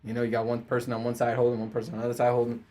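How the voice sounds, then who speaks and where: Young male host for a mid-pitched, rambling rant. Animated, profane, laughs at his own jokes. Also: very fast. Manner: animated, profane, self-mocking storytelling with laughs. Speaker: podcast host. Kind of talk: casual ranting monologue.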